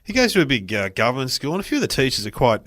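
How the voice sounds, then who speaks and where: Middle-aged Australian man, lively podcast co-host, very expressive pitch, dry studio mic. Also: very fast, no room sound. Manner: animated, acts out voices in anecdotes. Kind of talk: casual chat.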